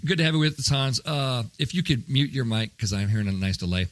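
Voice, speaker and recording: A man's voice: medium pitch, lively intonation, quick pace, dry recording. A man hosting a podcast, chatting in an upbeat, jokey way with frequent fillers. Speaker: podcast host. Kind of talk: casual podcast talk.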